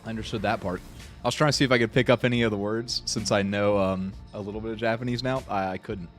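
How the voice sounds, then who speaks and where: A man's voice: on the low side, fairly even intonation, fast talker, soft background music. A man streaming from home, reacting live in a rambling, profane way and repeating himself when worked up.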